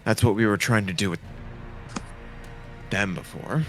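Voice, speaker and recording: A man voicing a weary adventurer in beast form who has just calmed from a rage. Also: lowish voice, a little slow, faint music behind. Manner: sighing, flat. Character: weary bestial adventurer, calm after rage.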